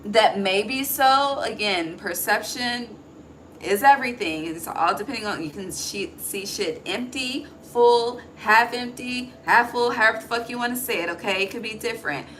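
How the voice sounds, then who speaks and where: A woman's voice: fairly high pitch, normal speed, fairly bright tone, a little hiss or hum, low-quality recording. A woman giving a casual, intuitive tarot reading, chatty and profane, often checking in with "okay?", recorded on her phone. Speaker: tarot reader.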